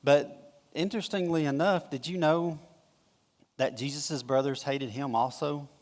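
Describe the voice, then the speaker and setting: A man with a Southern American accent preaching a casual, conversational sermon, retelling scripture with quick acted-out quotes. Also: fairly high pitch, fairly even intonation, a little mellow. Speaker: pastor. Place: church sanctuary. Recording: long hall reverb.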